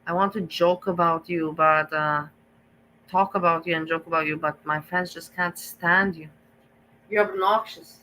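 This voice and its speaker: A woman hosts a live reaction stream and comments on a video. She rambles and gossips, repeating herself and restarting often. Her voice is bright and sharp, with a faint hiss underneath. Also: fairly low pitch, steady tone, a little slow, low-quality recording.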